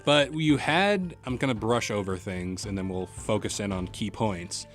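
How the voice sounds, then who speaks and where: A man's voice: on the low side, normal speed, faint music behind. A man hosting a podcast, chatting casually and laying out his points at length. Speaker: podcast host. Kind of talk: casual chat.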